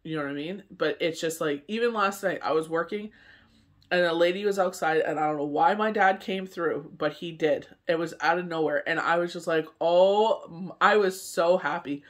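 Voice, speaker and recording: Rambling Canadian man, higher voice. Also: a little fast, fairly bright tone. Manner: rambling, full of "you know what I mean". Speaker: tarot reader and medium. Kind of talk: casual chat to camera.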